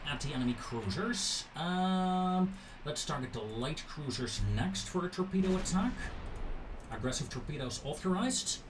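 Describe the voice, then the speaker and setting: A man's voice: on the high side, expressive, moderate pace, distant mic, background noise. Man giving clipped naval game commands. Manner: talks to his ships in clipped commands, growing openly annoyed. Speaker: strategy game streamer. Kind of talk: game commentary.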